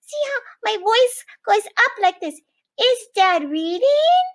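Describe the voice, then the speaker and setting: A woman doing a squeaky, proud little girl puppet. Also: unhurried, vocal fry, fairly bright tone, exaggerated voice. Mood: cheerful. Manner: chirpy and self-assured.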